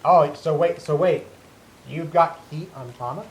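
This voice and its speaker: Animated, stammering man in an echoey room. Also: a little high, unhurried. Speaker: podcast co-host. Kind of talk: casual wrestling chat. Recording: echoey room with faint hum.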